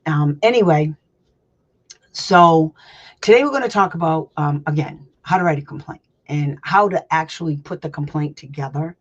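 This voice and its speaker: A woman's voice: low-pitched, moderate pace. A woman hosting a casual teaching chat as a special education advocate. She rambles, laughs a lot, and talks bluntly with some salty language. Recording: slightly dull lo-fi sound.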